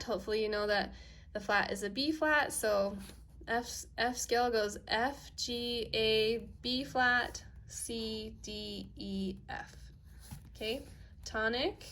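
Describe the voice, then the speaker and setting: A woman teaching a piano lesson on video, explaining step by step and checking in with "okay?" as she goes. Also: fairly high pitch. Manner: patient step-by-step explaining, asks "okay?" often. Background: piano playing.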